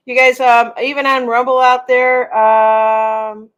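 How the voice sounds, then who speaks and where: A middle-aged woman hosts a casual livestream, rambling chattily and reading viewer comments aloud. Her voice is on the high side and a bit bright, with little pitch movement, and she takes it slowly.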